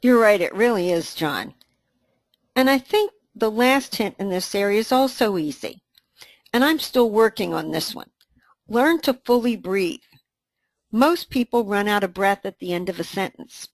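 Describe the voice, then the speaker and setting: A woman co-presenting a training webinar, reading a scripted dialogue in an even, instructive way. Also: medium pitch, measured pace, dry recording.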